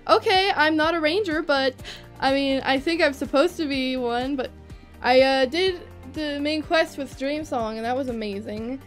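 A young woman giving chatty, excitable, rambling commentary while playing a game for her video channel. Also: high voice, moderate pace, soft background music. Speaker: gaming video creator.

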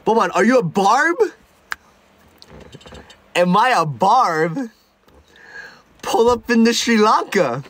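A man's voice: high voice, animated, takes it slowly, pauses often, fairly bright tone. A young man chatting casually on a live stream, rambling and joking with lots of stuttered restarts. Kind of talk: casual livestream chat.

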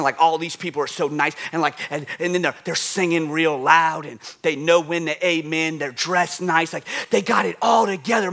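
A man preaching a sermon as pastor, animated, telling stories and acting out asides and call-outs to the crowd. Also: sits high.

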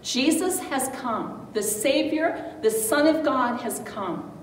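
A woman's voice: sits high, expressive, slow. A woman giving an emphatic children's Bible lesson in an echoey hall. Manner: bright, emphatic teaching to children. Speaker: children's church teacher. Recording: echoey hall, distant mic, faint noise.

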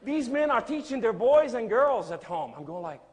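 A man's voice: very high voice, sing-song, moderate pace, big-room sound. A man giving a sermon-style testimony, telling his story dramatically and acting out the scenes.

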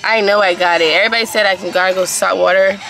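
A woman's voice: mid-range voice, steady tone, fast, a bit bright, soft background music. A young woman vlogging in a casual, chatty way, talking straight to her viewers as a mother.

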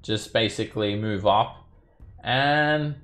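Playing online from his home setup, a dungeon master narrates a combat scene in his tabletop game, filling it with frequent fillers. He speaks at a slow pace, his lowish voice a bit bright.

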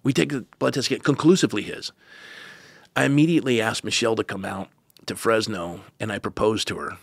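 Man, 60s, pastor guest; low gravelly husky voice, dry close sound, earnest storyteller with quips. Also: fairly quick, no echo. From United States. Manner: earnest, with joking asides. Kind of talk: personal storytelling in conversation.

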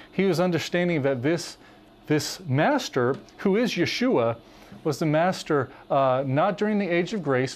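A man co-hosting a Bible teaching show, explaining scripture in an earnest, emphatic way. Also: on the high side. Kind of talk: teaching conversation, preaching.

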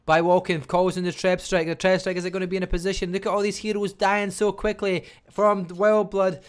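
A Scottish man casting a live online strategy game match, talking fast and chattily and barely stopping for breath. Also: high voice, little pitch movement, clear, resonant tone. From Scotland. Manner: fast, chatty, talks without pausing. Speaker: game caster. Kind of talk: live esports commentary.

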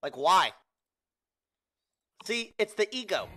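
A man's voice: high voice, big pitch swings, slow pace, bright, forceful tone. A young man streaming a game, brash, boastful and swearing. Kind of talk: casual gaming banter.

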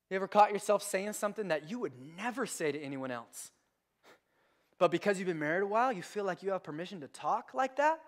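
A man with a notably high voice preaches a sermon as a pastor. He hammers points home by repeating phrases, then drops into hushed, self-deprecating asides. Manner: emphatic preaching with repeated phrases, swinging between loud and hushed.

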